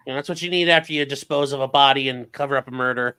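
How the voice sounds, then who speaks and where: A man's voice: mid-range voice, quick pace, few pauses, sharp tone, clean tone. Sarcastic comic man commenting. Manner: sarcastic, joking asides. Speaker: host. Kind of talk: comedic commentary.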